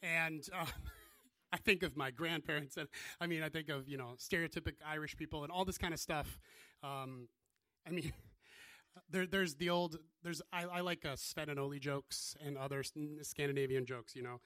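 A man's voice: on the high side, moderate pace, sharp tone, no room sound. A man from the US Midwest, preaching a casual, self-deprecating sermon. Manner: conversational, self-deprecating, joking asides. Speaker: pastor.

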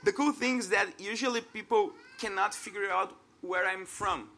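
A man's voice: high-pitched, normal speed, vocal fry, sharp tone, a little hiss or hum. A man in his thirties from Brazil with a Brazilian Portuguese accent, preaching an earnest, conversational sermon and laughing at himself now and then. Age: 30s.

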